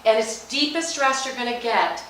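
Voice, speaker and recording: Middle-aged woman, lively motivational speaker, higher voice, heard from a distance in a big reverberant hall. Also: normal speed, a little hiss or hum. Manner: energetic, chatty, jokey and emphatic. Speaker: speaker at a business luncheon. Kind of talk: motivational talk on meditation. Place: large hall. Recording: echoey hall, mic at a distance.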